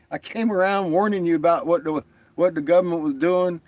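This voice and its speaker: The recording is muffled with no room sound, capturing a man whose fairly high, slightly mellow voice moves at normal speed. On his vlog he chats casually, telling stories laced with profanity and laughter while acting out other people's lines.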